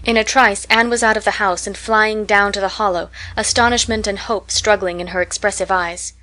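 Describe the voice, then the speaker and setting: A woman reading a classic novel aloud as an audiobook narrator, measured and expressive. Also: medium pitch. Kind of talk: scripted narration.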